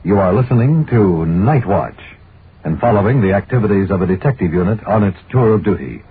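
A man announcing a radio program in a measured, formal scripted delivery. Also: lowish voice, animated, slight background noise. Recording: tinny vintage radio broadcast.

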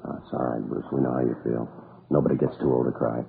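Kindly middle-aged lawman, super deep and fast-talking, reassuring, hissy tinny old radio sound. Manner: gentle, reassuring, brisk. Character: fatherly lawman questioning a young witness. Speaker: lawman questioning a witness. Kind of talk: radio drama acting. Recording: tinny lo-fi old radio recording with noticeable hiss.

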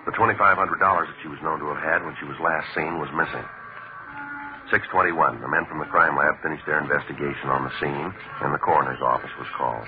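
An actor playing a calm, methodical police detective narrating an old radio crime drama. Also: male voice, extremely low pitch, fast, over music. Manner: flat, matter-of-fact procedural delivery. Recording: tinny old radio broadcast with loud hiss.

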